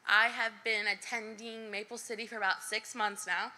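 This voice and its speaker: Bright, nervous young woman giving testimony. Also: fairly high pitch, little pitch movement, moderate pace. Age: young adult. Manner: nervous, giggly, lots of fillers and "like". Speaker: church member sharing a testimony. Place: church service before a congregation.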